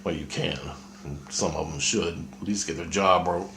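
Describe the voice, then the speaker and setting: A man's voice: deep voice, normal speed, vocal fry, a bit bright, reverberant, a little hiss or hum. A man telling a rambling personal story on a video, talking casually with lots of swearing and trailing fillers. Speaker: vlogger.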